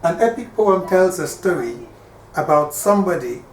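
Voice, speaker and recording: A man teaching a lesson on poetry, explaining slowly and counting syllables aloud. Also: high-pitched, expressive. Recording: roomy, distant voice with faint ambient noise.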